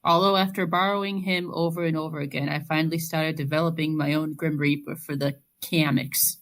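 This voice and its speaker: A woman's voice: deep voice, fairly even intonation, a little fast. A woman co-hosting a casual podcast, reading listener mail aloud with giggly, self-deprecating asides. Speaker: podcast co-host.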